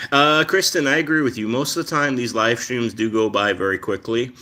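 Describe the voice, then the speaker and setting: A man's voice: medium pitch, moderate pace, sharp tone. Rambling man hosting a cat live stream. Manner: rambling, many fillers, reads viewer comments. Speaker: cat channel host. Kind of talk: casual live stream chat.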